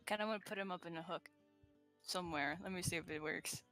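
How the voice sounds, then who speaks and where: A woman's voice: lowish voice, fast talker, fairly bright tone, soft background music. A woman playing a tabletop game, teasing and laughing often. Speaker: player.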